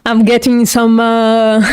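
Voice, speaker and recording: A woman's voice: on the high side, flat delivery, slow, a little mellow, smooth, no room sound. A woman hosting a live stream, chatting casually with viewers, swearing and laughing at herself. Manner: casual, swears, laughs often, self-mocking. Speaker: livestream host studying logic.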